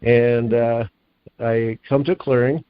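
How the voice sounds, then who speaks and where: A man, the guest author, telling a long story in an interview, animated and acting out the lines he quotes. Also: medium pitch, measured pace, clear, resonant tone, no room sound, phone-quality sound.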